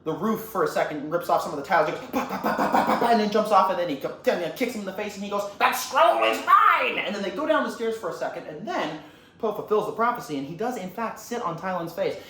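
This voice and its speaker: A man's voice: high voice, lively intonation, quick pace, fairly bright tone. A young man who rambles and swears a lot as he retells a movie scene in a casual, comic way. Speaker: YouTuber. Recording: roomy echo, faint ambient noise.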